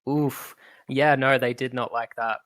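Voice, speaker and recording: Deep-voiced woman game master. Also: measured pace, no echo. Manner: relaxed, casual narration with fillers. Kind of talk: narrating a tabletop game.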